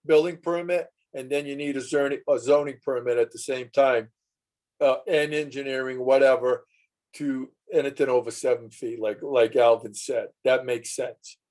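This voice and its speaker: A man's voice: medium pitch, steady tone, normal speed, a little mellow. A man on a town committee earnestly explaining how the permit rules should work for owners. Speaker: committee member. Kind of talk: municipal committee meeting discussion.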